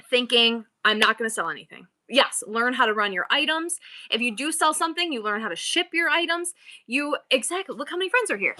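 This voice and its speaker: Bubbly, bright-voiced woman livestream seller. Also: high-pitched. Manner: bubbly, playful, exaggerated customer-service voice; rambling, jumps between topics. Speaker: online live-selling host. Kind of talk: casual livestream chat.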